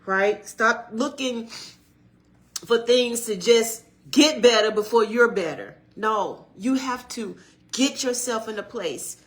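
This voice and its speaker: Chatty preacherly woman with a bright voice. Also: fairly high pitch, takes it slowly. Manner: warm, chatty, greets viewers, preacherly. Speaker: channel co-host and minister. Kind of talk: casual livestream talk.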